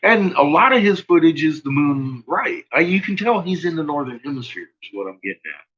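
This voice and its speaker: A man's voice: fairly high pitch, sing-song, a little fast, a bit bright, husky, lo-fi sound. A man hosting a casual livestream chat, rambling, swearing freely and laughing often. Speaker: channel host.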